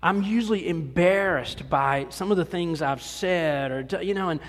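In a church sanctuary with long hall reverb, a middle-aged pastor gives a conversational sermon. He speaks at normal speed in a fairly high voice, with a folksy, self-deprecating manner and frequent sentence restarts.

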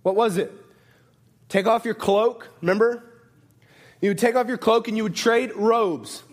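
A pastor preaches a sermon conversationally, frequently asking "right?" and restarting his sentences. His voice is high-pitched and his pace a little slow.

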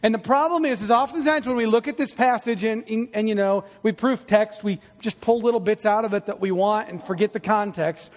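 A man's voice: high-pitched, a little fast, hardly any pauses, big-room sound, faint music behind. A middle-aged male pastor preaching a sermon in a church, conversational and storytelling, with self-deprecating humor. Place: church sanctuary.

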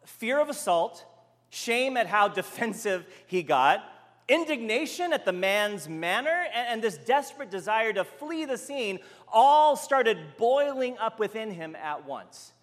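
A man's voice: high voice, very animated, unhurried, in a large hall. A man telling a story in a sermon, voicing the characters as he goes.

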